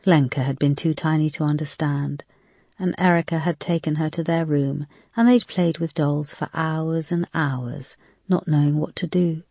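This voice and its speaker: A woman narrating a mystery thriller novel in a steady, measured reading. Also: low voice, creaky, dry recording. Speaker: audiobook narrator.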